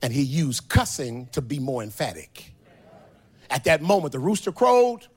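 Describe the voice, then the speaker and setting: A man preaching a sermon who tells scripture stories in casual slang and builds to a sung, shouted climax. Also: normal speed, breathy edge. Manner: animated, drops low and quiet for storytelling, then rises to a sung, shouted climax.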